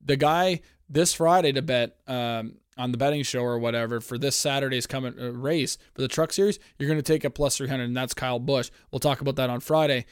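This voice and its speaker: A man's voice: medium pitch, a little fast, few pauses, clean tone, no room sound, studio quality. A man from Canada hosting a casual sports podcast, ranting in a profane, heated, rambling way. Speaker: podcast host.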